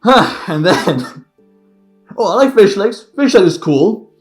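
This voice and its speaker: A man's voice: sits high, big pitch swings, slow, faint music behind. A man giving a casual reaction commentary on a film, laughing often and repeating his exclamations. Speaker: reaction video creator.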